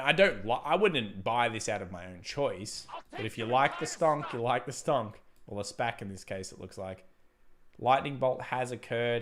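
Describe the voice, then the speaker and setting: Guy hosting a live trading stream, chatty and casual, mid-pitched voice. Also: fairly bright tone. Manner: casual, thinking aloud over charts; reads out viewer donations and thanks them. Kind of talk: live market commentary.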